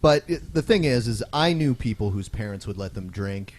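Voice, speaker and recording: Lower-voiced opinionated podcast man. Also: animated, moderate pace, slight background noise. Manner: opinionated, ranting. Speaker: podcast co-host. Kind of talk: casual ranting chat.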